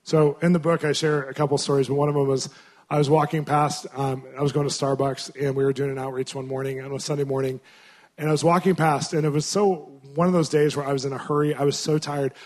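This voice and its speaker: A man, a Christian minister, telling stories in a sermon in an animated, conversational way. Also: a little high, fast talker. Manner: animated, conversational storytelling with frequent laughs. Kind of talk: storytelling sermon.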